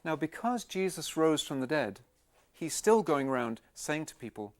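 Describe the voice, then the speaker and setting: A man giving a Christian teaching talk at a camp, speaking plainly and conversationally, gently persuasive. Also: on the high side, lively intonation, normal speed.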